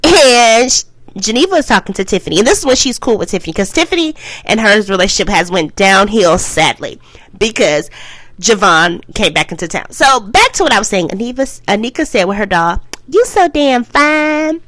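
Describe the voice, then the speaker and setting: A woman's voice: expressive, fairly quick, a bit bright, no echo, rough recording. A woman reviewing a TV show in a casual vlog. She rambles and goes off topic, and she keeps repeating "I will say this" before she makes a point. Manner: emphatic, swings up high for emphasis.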